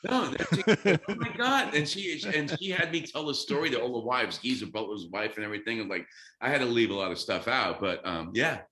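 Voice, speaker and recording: A man in his fifties, a guest drummer, telling a story excitedly, swearing freely and acting out quotes. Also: mid-range voice, brisk, reverberant. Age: 50s. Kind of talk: animated storytelling.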